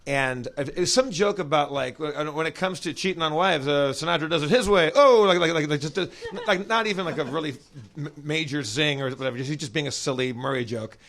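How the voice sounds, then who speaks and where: A man telling a long, animated anecdote on a podcast stage, acting out the voices in it. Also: fairly high pitch, fairly quick. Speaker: podcast guest comedian telling a story. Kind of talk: casual storytelling.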